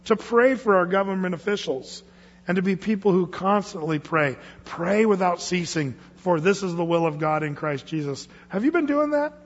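A pastor with a high, fairly bright voice preaches to his congregation in a church sanctuary, keeping it conversational and joking while he puts questions to them. The recording has the echo of a large hall and a dull, lo-fi quality.

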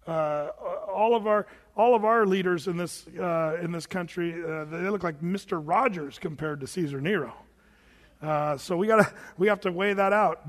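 A pastor delivering a sermon in a loose, conversational way, his voice sitting high for a man. He now and then mimics shouting televangelists. The sound carries a long reverb from a large hall.

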